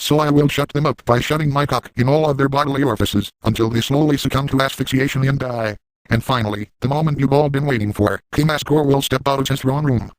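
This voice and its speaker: A man's voice: mid-range voice, no room sound, lightly acted, low-quality recording. A man voicing a crude, gleeful, boastful adult man in a comic parody, narrating in first person with a brash, over-the-top manner.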